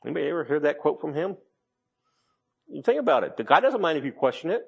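Middle-aged male preacher, husky voice pitched a bit high, folksy and rambling sermon delivery. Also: big pitch swings, fast talker, lo-fi sound.

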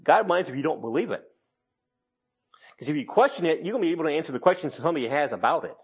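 Middle-aged male preacher, husky voice pitched a bit high, folksy and rambling sermon delivery. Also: animated, fast talker.

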